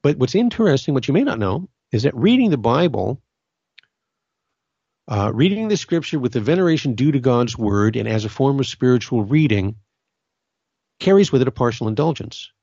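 A middle-aged man from Southern California talks about faith in an earnest, conversational way, often doubling back and restarting his sentences. His voice has a gravelly edge. The recording is dry and a little dull. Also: medium pitch, sing-song, normal speed, mellow, no room sound. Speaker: Catholic podcast host. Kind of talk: casual spiritual talk.

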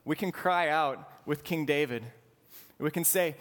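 A man's voice: a little high, a little slow, a bit bright. Earnest male preacher in a reverberant hall. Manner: earnest, expository teaching. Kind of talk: sermon.

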